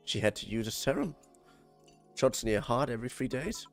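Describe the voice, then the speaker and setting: A man's voice: medium pitch, expressive, moderate pace, creaky, soft background music. A man with a German accent reading game dialogue aloud on a stream, tripping over words and swearing when annoyed.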